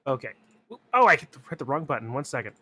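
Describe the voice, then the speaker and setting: Man, game master, slow measured narration, mid-range voice. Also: mid-range voice, sing-song, sharp tone. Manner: slow, measured scene descriptions.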